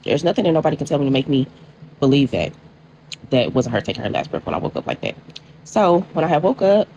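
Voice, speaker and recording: A woman's voice: low-pitched, big pitch swings, fast talker, vocal fry, mellow, muffled recording, slight background noise. A young woman telling a personal storytime casually, talking straight to viewers with lots of filler words. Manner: chatty, addresses viewers as y'all, many likes.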